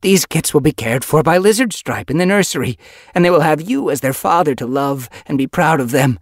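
A man doing a torn young she-cat healer from a storybook, her raised voice strained and full of feeling, swinging widely in pitch. She pleads and insists by turns, breathy at the edges. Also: expressive, fairly quick, no echo, studio quality. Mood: pleading.

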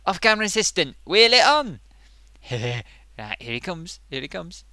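A man voicing an excitable male sock puppet who hosts a comic makeup review, gushing and bumbling. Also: medium pitch, measured pace, creaky, no echo. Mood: excited. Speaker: host.

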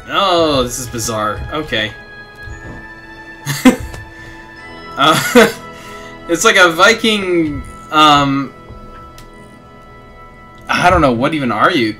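A young gaming streamer does casual let's play commentary, chatting, reading game text aloud, and laughing at his own antics. His slightly high voice is very animated and sharp, but very slow, with frequent pauses. Faint game music plays behind.

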